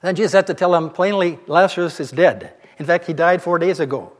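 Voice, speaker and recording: A man's voice: high-pitched, fairly quick, long reverb tail. A male pastor giving a sermon, retelling scripture as a casual, conversational story.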